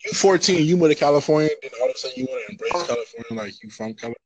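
A man's voice: on the high side, very animated, very fast, vocal fry, crowd noise, poor audio. A man from Los Angeles chatting casually, rambling with lots of fillers as he explains his point. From Los Angeles area. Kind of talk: casual chat.

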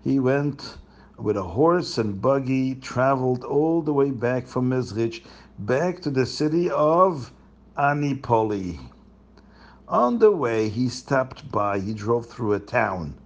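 Brief: male storyteller for kids, animated, gravelly and husky tone. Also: medium pitch, takes it slowly, lo-fi sound. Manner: animated, asks listeners questions. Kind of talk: storytelling for children.

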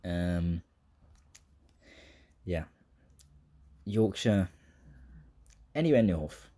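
Speaking extremely slowly in a low, mellow voice with lively intonation, a young southern English man delivers a casual, rambling monologue. Tangents, frequent laughter and liberal swearing run throughout, and his accent is from southern England.

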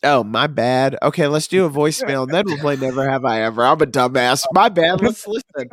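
A man's voice: medium pitch, expressive, a little fast, no echo, clean studio sound. A man hosting a podcast in casual chat, often losing his train of thought. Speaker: podcast host.

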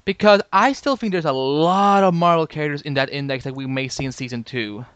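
Excitable man with a raised pitch. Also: brisk, clear, resonant tone, no room sound, highs cut off. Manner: excitable, stumbling restarts, pitch jumps up when disagreeing. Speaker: podcast co-host. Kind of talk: casual chat.

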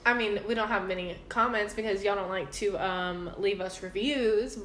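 Woman co-host, tipsy and loose, laughs and swears a lot; bright voice, echoey room. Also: medium pitch, normal speed. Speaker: podcast co-host. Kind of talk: casual true-crime podcast chat.

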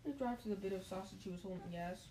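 A woman's voice: mid-range voice, quick pace, warm tone, a little hiss or hum, rough recording. A woman reading a children's novel aloud, stopping now and then to chat and answer questions. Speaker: reader.

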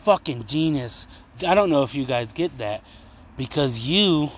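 Cars pass outside as a man hosts his own podcast from home, delivering a profane, heated solo rant full of mocking asides. His voice is on the high side and fairly bright, with a little hiss or hum.

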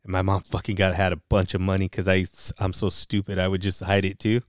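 A man's voice: sits low, little pitch movement, a little fast, no echo, clean studio sound. A man co-hosting a casual chat, telling a confessional story with lots of swearing.

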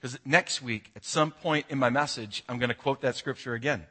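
Bright-voiced male pastor preaching. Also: medium pitch, moderate pace, slightly rough. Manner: earnest, swings from hushed to emphatic. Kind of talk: sermon storytelling.

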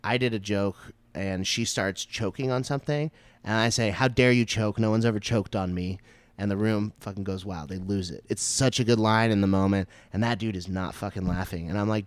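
A man, a stand-up comic, telling a story in casual chat, animated and full of swearing and "like" fillers. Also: lowish voice, brisk, no room sound. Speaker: stand-up comedian.

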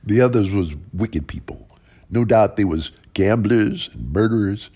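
Male storyteller, gravelly and husky, folksy delivery with lots of pitch movement. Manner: plain, unhurried folksy telling with lively rises. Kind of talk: folk tale storytelling.

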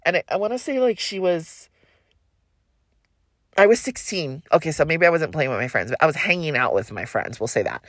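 A woman's voice: sits low, animated, fairly quick, no echo, clean studio sound. A young adult woman hosting a solo podcast, telling a story in a rambling, loose, profane way. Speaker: podcast host.

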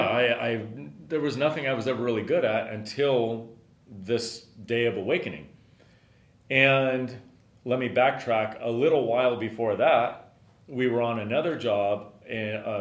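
A middle-aged man hosting a podcast, telling a story casually and rambling with lots of filler words. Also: fairly low pitch. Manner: rambling, frequent "you know" fillers. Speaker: podcast host and business owner. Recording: roomy echo.

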